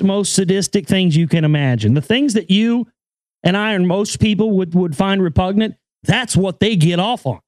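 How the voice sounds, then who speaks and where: A man with a fairly high voice talks straight to his listeners in a loose, casual monologue. He leans hard on his points with crude language and stacked repetitions. The recording is dry, with no room sound. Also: expressive, moderate pace, no echo. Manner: emphatic, profane, repeats words. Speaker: podcast host and filmmaker.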